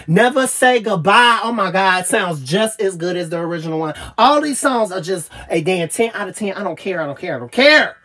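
A woman gushing over an album in a casual review vlog, swearing freely and stammering with repeated fillers, at times choking up and trailing off quietly. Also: mid-range voice, animated, a little fast. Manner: gets choked up and trails off quietly. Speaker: music reviewer.

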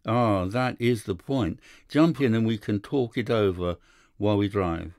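A man's voice: lowish voice, unhurried, a little mellow, no room sound, clean studio sound. A man voicing a worried, careworn young man who speaks tersely in an audiobook. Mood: grave. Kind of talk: audiobook character voice.

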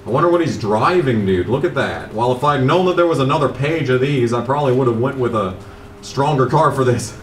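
A man's voice: mid-range voice, lively intonation, brisk, echoey room, recorded from a distance, slight background noise. A young man commentating on a racing game as he plays, rambling casually and cursing at the game in frustration. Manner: grumbling, profane, laid-back rambling. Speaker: gameplay commentator.

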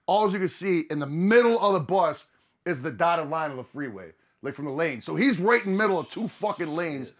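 Podcast host, man, casual profane storyteller, slightly higher voice. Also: expressive, brisk.

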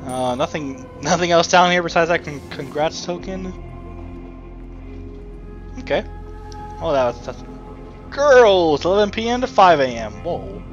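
Over game music, a man with a fairly high, expressive voice plays a video game and comments in an unhurried way, leaving long pauses; the audio sounds dull. His let's-play talk is rambling self-chat, peppered with remarks aimed at the game.

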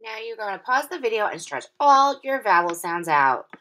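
A woman teaching a phonics lesson to young children, patient and encouraging, stretching her sounds out slowly and clearly. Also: medium pitch, big pitch swings, bright, forceful tone.

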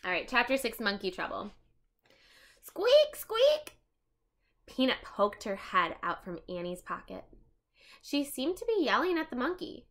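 Expressive woman reading a children's book. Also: fairly high pitch, normal speed. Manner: expressive, chatty asides. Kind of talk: reading a storybook aloud.

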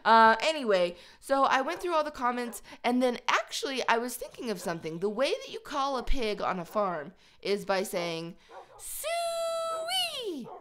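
A woman hosting a video game let's play, chatty and excitable, talking to her pets as she plays. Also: a little high, moderate pace, few pauses.

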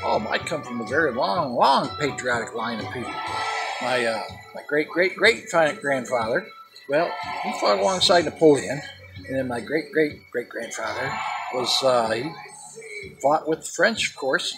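Middle-aged male vlog host, gravelly, lively pitch, corny jokester, music bed underneath. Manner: corny, jokey pun-telling delivery. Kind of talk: comedic vlog monologue.

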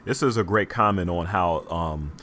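A man's voice: low voice, normal speed, fairly bright tone. A man co-hosting a podcast, musing over a comic in a rambling, hesitant way full of ums. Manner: rambling, hesitant with many ums, laughs easily. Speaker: podcast co-host. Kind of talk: casual comic-book discussion.

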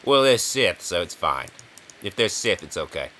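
Bright-voiced man rambling over a game. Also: low voice, big pitch swings, normal speed, a little hiss or hum. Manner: rambling, jokey, chuckles often. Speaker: gaming video host. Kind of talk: casual let's-play commentary.

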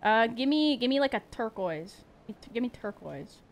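A woman's voice: on the high side, expressive, a little slow, background noise. A young woman streaming a video game, playfully exclaiming at the action and chatting with her viewers. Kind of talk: live gameplay commentary.

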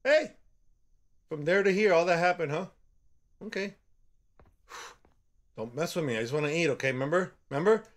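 Animated gaming host, yelping and excitable. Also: male voice, on the high side, normal speed, long pauses. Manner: excitable, yelps and shouts when startled. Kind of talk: horror game commentary.

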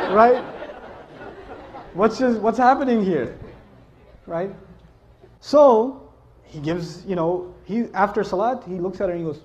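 High-voiced man giving a joking lecture. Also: muffled recording, background noise. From Pakistan. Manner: joking, animated storytelling, laughs often. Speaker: Islamic speaker. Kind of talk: lively lecture to a live audience.

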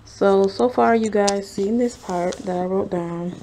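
With her sister snoring close by, a young woman at home reads through her study notes for a vlog. Her medium-pitched voice is warm and unhurried over slight background noise, and she hedges constantly, chats with fillers, and keeps saying she isn't sure.

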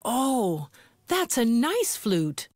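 A woman voicing a cheerful little female lamb in a children's storybook, in a high, sing-song voice. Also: big pitch swings, very slow, exaggerated voice.

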